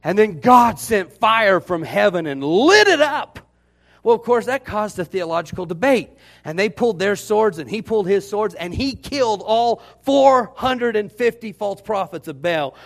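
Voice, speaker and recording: A man preaching a Baptist sermon, telling the story in an animated, joking way. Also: high-pitched, moderate pace. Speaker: Baptist pastor.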